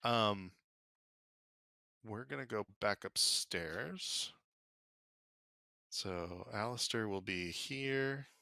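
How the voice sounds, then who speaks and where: A man running a tabletop game as game master, narrating in a loose, casual way. His voice is low but bright and a little tense, and the recording is dry and close with no room sound. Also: very slow, vocal fry, long pauses, dry recording.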